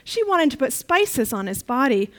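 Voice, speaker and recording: A high-voiced woman speaking at a moderate pace gives a children's talk during church, bringing a story to life in a playful way. She has the kids echo refrains back, and the audio is poor.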